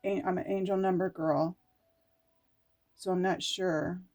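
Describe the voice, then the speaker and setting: Slow-talking woman reading oracle cards. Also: fairly low pitch, level tone, darkish tone. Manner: meandering, halting, with frequent laughs and fillers. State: tired. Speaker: spiritual oracle card reader. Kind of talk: casual spiritual vlog, reading aloud and reflecting.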